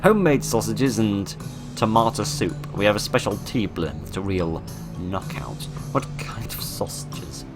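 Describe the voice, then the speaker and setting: A man's voice: fairly low pitch, animated, moderate pace, music in the background. A man voicing a grinning, creepy male innkeeper in a video game who lisps and stresses his words oddly. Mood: creepy cheerful. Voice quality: lisp. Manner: odd stresses on words, sinister cheer.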